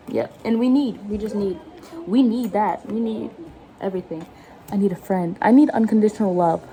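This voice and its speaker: A woman's voice: mid-range voice, normal speed, long pauses, warm tone. A woman in her twenties chatting casually while cooking at home, rambling and self-mocking and laughing often. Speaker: vlogger. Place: home kitchen.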